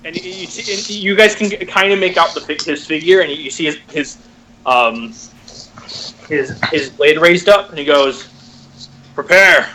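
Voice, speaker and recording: A man narrating a tabletop game as game master, halting with many fillers and restarts. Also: fairly high pitch, crowd noise, poor audio.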